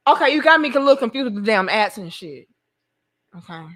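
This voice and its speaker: A woman's voice: on the high side, lively intonation, a little fast, a bit bright, no echo. A woman hosting a casual commentary vlog, blunt and profane, talking straight to her viewers. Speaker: host.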